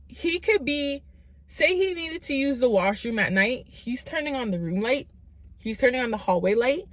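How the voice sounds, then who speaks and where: A young woman telling a true story to her viewers in an animated, slangy way, often calling them "y'all". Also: high-pitched, no echo. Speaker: vlogger. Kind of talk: storytime vlog.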